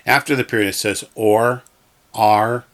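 A man's voice: on the low side, steady tone, measured pace, fairly bright tone. A man teaching a language lesson, patiently saying each word twice so that listeners can repeat after him. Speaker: Hebrew teacher. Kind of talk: slow, deliberate language lesson.

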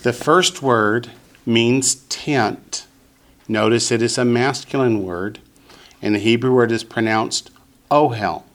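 Slow, gravelly man teaching vocabulary. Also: medium pitch, steady tone. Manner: slow, patient, repeats words for students. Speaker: Hebrew teacher. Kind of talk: classroom vocabulary lesson.

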